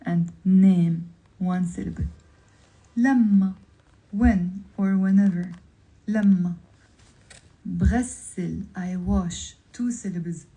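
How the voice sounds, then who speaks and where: A woman with a Lebanese accent teaching vocabulary on a livestream, pronouncing each word slowly and carefully, then repeating it. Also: fairly low pitch, fairly even intonation, mellow, low-quality recording. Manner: slow, careful word-by-word pronunciation drills.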